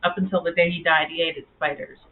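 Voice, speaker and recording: A woman's voice: fairly low pitch, level tone, fast. A woman telling a personal story in a casual, rambling vlog, full of fillers and restarts. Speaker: vlogger. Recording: tinny, phone-like audio.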